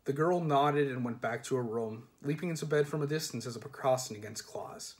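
A man reading a novel aloud in a measured storybook manner, sometimes dropping soft. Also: medium pitch. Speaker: reader.

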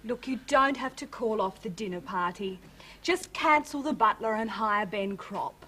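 An actress playing a cheerful, cheeky young daughter, chirpy and quick-witted in a studio sitcom. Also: female voice, mid-range voice, lively intonation, very noisy, close to an everyday voice. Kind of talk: 1980s studio sitcom acting.

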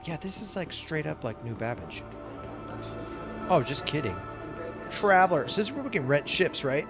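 A man giving excited, chatty commentary while playing a space game, reacting aloud to everything he sees. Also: on the high side, moderate pace, long pauses. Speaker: gaming YouTuber. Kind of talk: casual gameplay commentary. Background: game music.

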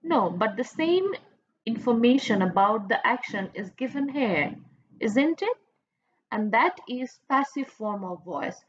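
A woman's voice: on the high side, lively intonation, unhurried, breathy edge, highs cut off. A woman college English teacher with a Bangladeshi accent, giving a recorded lecture and explaining grammar patiently, asking questions and repeating her points. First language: Bengali.

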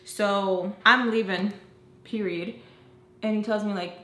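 A young woman telling a personal story in a casual, animated way, acting out what people said and filling her talk with "like". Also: mid-range voice, slow. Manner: animated, acts out quotes, lots of "like". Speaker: storyteller vlogger. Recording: echoey room with faint noise.

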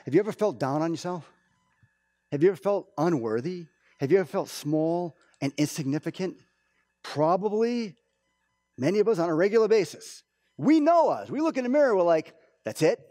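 A pastor preaching a casual, storytelling sermon, with many restarts and asides. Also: male voice, high-pitched, lively intonation, fairly quick, warm tone, dry recording, clean studio sound. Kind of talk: conversational sermon. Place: church.

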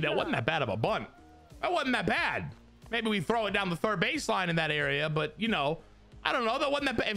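A man giving casual gameplay commentary, excitable and crude, swinging between loud hype and low muttering. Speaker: gaming YouTuber.

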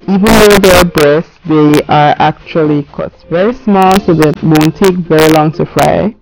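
A woman's voice: low voice, measured pace, gravelly, noisy background. A woman giving a casual cooking voice-over, chatty and talking straight to her viewers. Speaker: cooking channel host.

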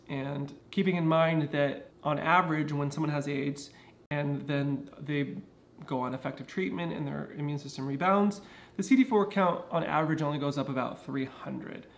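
This vlogger's voice sits on the high side and is creaky, with a faint hiss or hum behind it. Filming indoors at home, he chats casually to the camera, explaining earnestly and restarting often.

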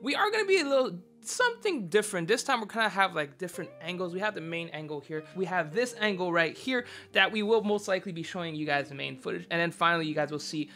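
A man's voice: on the high side, fast, hardly any pauses, pushed and bright. A man hosting a casual mukbang vlog, chatty and upbeat, talking straight to his viewers while he eats. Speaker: food vlogger host. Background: faint background guitar music.

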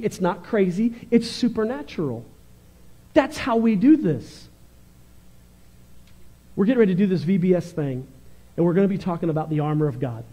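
A male pastor with a high voice delivers a fervent, animated sermon, swinging between loud bursts and quieter stretches.

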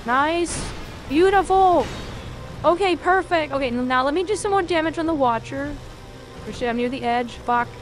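A young woman with a high voice narrates her own gameplay live, swearing freely and reacting to every hit and dodge. Her talk is quick and loud in the tense moments. Faint game music plays in the background. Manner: excitable, swears a lot, reacts loudly to the game. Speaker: streamer playing a video game.

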